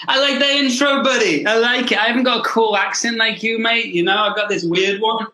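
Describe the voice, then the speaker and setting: A man in his forties from Liverpool, telling his story fast and animated as an interview guest. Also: high voice. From Liverpool, England. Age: 40s. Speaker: guest, mental performance coach. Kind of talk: casual interview chat. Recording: echoey room.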